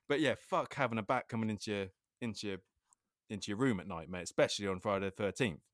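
A man's voice: on the low side, fast talker. A man tells a story in a loose, casual podcast chat. He laughs often and swears in nearly every line. The recording is dry, with no room echo. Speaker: podcast co-host.

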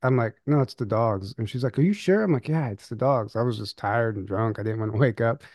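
Halting, laughing storyteller man, dry sound. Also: medium pitch, darkish tone, no echo. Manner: halting, with restarts and nervous laughs. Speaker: podcast co-host. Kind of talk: casual storytelling chat.

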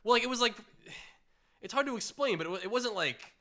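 A young man on a casual chat show tells animated stories with lots of "like" fillers. His voice is bright and forward, and it jumps up high whenever he quotes someone. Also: fast. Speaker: podcast co-host.

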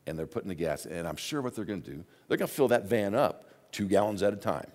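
A man preaching a sermon as the pastor, telling stories with his voice swinging from hushed asides to loud exclaims. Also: lowish voice, animated, fast.

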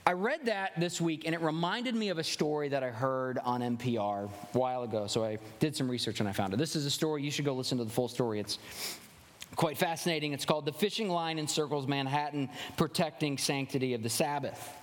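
A male pastor giving a conversational sermon with animated, wry asides. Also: fairly high pitch, a little fast. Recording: long hall reverb.

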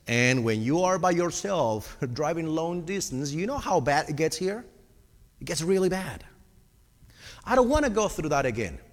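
A man with a fairly high voice preaches a sermon built on personal testimony, earnestly addressing the congregation directly. A long reverb tail trails his words.

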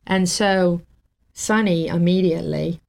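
A woman's voice: on the low side, fairly even intonation, measured pace, gravelly. A woman guest on a talk show, telling a heartfelt story casually, with fillers and laughter. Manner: warm and emotional, laughs often, many fillers.

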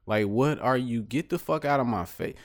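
A man's voice: medium pitch, expressive, normal speed. Blunt, profane middle-aged man ranting. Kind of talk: casual chat.

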